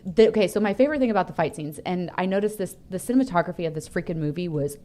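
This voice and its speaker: A woman's voice: lowish voice, lively intonation, racing, dark tone. A woman co-hosting a casual movie discussion, enthusiastic and chatty. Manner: enthusiastic, chatty, laughs easily. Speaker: co-host.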